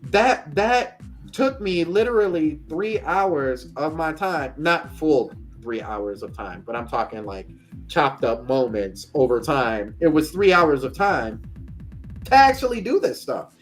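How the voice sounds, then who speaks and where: Guy on a podcast telling a long story, kinda high voice, swoops all over, laughs a lot. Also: a little slow, soft background music. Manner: animated storyteller, acts out quoted characters, laughs often. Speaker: podcast co-host. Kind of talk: casual chat.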